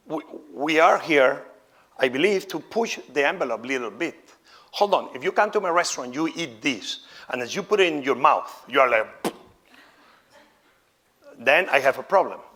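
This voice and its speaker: A man with a bright, forceful voice and a slightly high pitch leads a live cooking demonstration. English is not his first language. He moves between showy announcements and a candid, conversational style. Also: lively intonation, normal speed, pauses often, breathy edge. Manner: showman-like, exclaiming, then candid and conversational. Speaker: chef giving a demonstration lecture.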